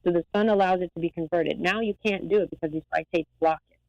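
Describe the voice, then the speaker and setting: A woman eye doctor talking as a guest in a lively, rambling, emphatic way. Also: on the low side, quick pace, dry recording, highs cut off. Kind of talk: casual interview talk.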